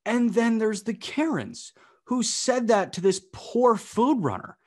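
A man co-hosting a podcast, telling an anecdote in a casual, animated and exasperated way. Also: sits high, a little slow. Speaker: podcast co-host. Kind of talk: casual chat.

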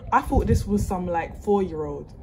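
A woman's voice: lowish voice, a little slow. A young woman, ranting casually to her phone in an incredulous, slangy way. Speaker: vlogger. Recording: noisy phone recording.

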